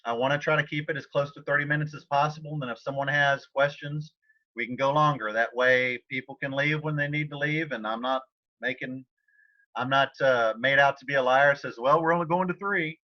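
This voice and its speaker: A man teaching a Spanish class online, talking informally and often clearing his throat. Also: medium pitch, fairly even intonation, a little fast, lo-fi sound.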